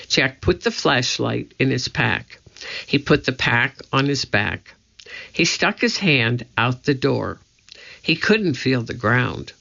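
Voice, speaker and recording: A woman reads a children's storybook aloud at a slow, measured pace. Her voice is bright and sharp, with a gravelly edge. The recording sounds slightly dull and lo-fi. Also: very deep voice, lively intonation. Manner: measured and deliberate. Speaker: audiobook reader.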